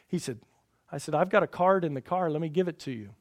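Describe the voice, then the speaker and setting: A middle-aged man preaching a sermon as pastor, telling folksy stories and swinging between loud emphasis and quiet asides. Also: a little high, lively intonation, fast talker.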